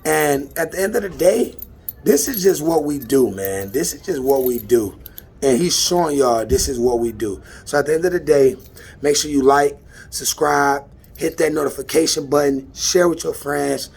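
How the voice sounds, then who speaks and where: Excitable man training his dog. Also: on the high side, normal speed, gravelly, reverberant, far from the mic. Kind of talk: excited casual vlog while training a dog. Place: outdoors in a dog enclosure.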